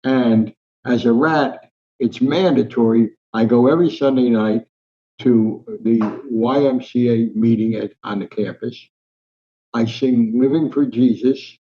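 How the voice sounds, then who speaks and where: A bit slow and medium in pitch, an older man from Newark, New Jersey, relates anecdotes during an interview where he's the guest. A sports columnist and animated raconteur, he acts out the voices he quotes, on slightly dull lo-fi sound.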